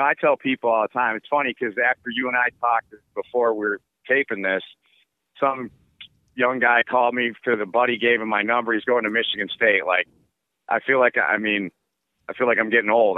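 Low-voiced man on a tinny line. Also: no room sound. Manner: relaxed, rambling, many fillers. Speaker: sports play-by-play broadcaster. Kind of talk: casual interview answers.

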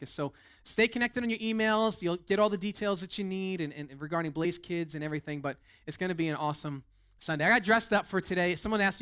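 A man's voice: high-pitched, a bit bright. A young man preaching as a lead pastor, fired up and rambling, with many restarts and fillers. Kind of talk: energetic sermon.

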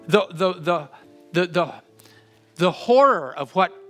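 A man's voice: on the high side, fairly bright tone. A man preaching a sermon as pastor, earnest and often repeating words as he builds emphasis, then leading a prayer.

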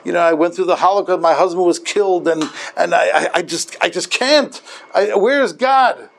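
A man puts on a distraught widowed mother, her anguished cries pitched high above his usual voice. She pleads in broken outbursts, with a gravelly edge beneath the strain. Grief and despair drive every line. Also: moderate pace, slight background noise. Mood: pleading.

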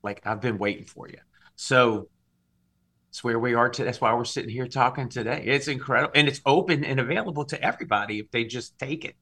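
A man from Louisiana, a singer and minister giving his testimony as a podcast guest, animated and acting out the dialogue. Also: mid-range voice, fast, breathy edge. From Louisiana, USA. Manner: animated storyteller, acts out dialogue.

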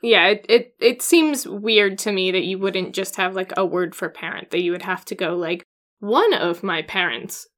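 A young woman co-hosting a casual podcast chat, talking with wry, deadpan asides. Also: medium pitch, moderate pace. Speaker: podcast co-host.

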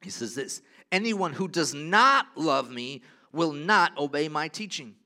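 A man preaching a sermon, emphatic and repetitive, moving between soft, low passages and loud, rising declarations. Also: sing-song, unhurried.

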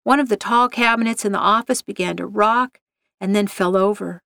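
A woman reading a short story aloud with a steady, even storytelling delivery. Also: mid-range voice, normal speed, gravelly, no echo, studio quality. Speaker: narrator.

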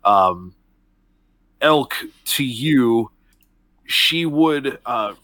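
A man running a tabletop game, setting the scene in a loose, casual way full of fillers. His voice is bright and sits in the middle range. The sound is dry and close. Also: mid-range voice, lively intonation, extremely slow, no echo. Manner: casual, filler-heavy narration. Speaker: game master.

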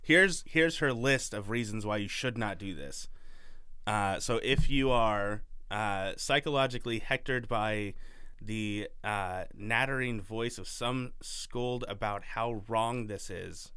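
A man's voice: lowish voice, slow, clear, resonant tone, no echo, studio quality. A young adult man co-hosting a podcast, joking around in casual book chat and poking fun at himself. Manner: jokey, animated, self-deprecating. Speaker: podcast co-host.

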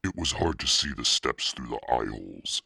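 A man voicing Satan as a demonic podcast narrator, reading a spooky children's story in a slow, menacing drawl with a husky, gravelly voice. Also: expressive, sharp tone, no room sound, studio quality, exaggerated voice. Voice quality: extremely deep, gravelly and husky. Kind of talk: scripted narration.

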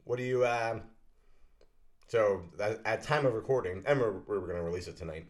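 Deep-voiced, low-key man. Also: normal speed. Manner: dry, low-key, tasting notes. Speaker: podcast host. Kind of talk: casual chat.

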